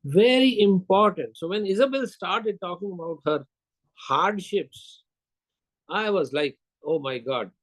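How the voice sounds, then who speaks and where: A man's voice: high-pitched, a little slow, rough recording. An older man giving a sales lecture, telling anecdotes, acting out dialogue and quizzing his audience.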